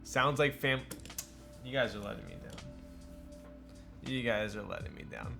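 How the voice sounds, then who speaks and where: A man's voice: on the low side, big pitch swings, normal speed, vocal fry, over music. A man streaming live while building a keyboard. He chats casually, jokes and answers his chat, laughing often. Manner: chatty and joking, replies to chat, laughs often.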